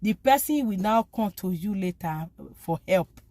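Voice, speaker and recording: A woman's voice: medium pitch, animated, measured pace, dark tone, no echo. A woman giving an informal spoken talk urging forgiveness, pleading and emphatic, often repeating phrases. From lives abroad, from back home elsewhere. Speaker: faith vlogger.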